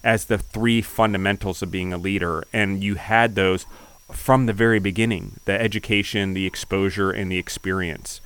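A man's voice: deep voice, fairly even intonation, normal speed, a bit bright, clean tone, rough recording. A man hosting a podcast interview, asking questions and reflecting earnestly. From United States. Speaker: podcast host.

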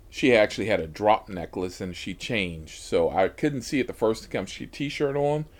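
A man hosting a podcast, telling a story from his rideshare driving in an exasperated, heavily profane way. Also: on the low side. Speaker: podcast host and rideshare driver.

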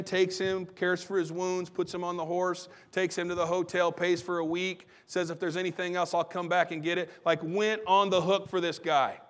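A man with a notably high voice preaching to his congregation. He speeds up through repeated lines and slows down for emphasis, slipping into little quoted voices along the way. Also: fairly bright tone. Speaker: pastor. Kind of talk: sermon.

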